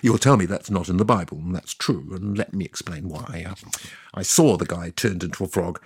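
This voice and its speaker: A man's voice: low-pitched, moderate pace, slightly rough, no echo, clean studio sound. A man plays God as a sardonic, chatty ancient deity, telling the story in a scripted comic monologue. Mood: wry.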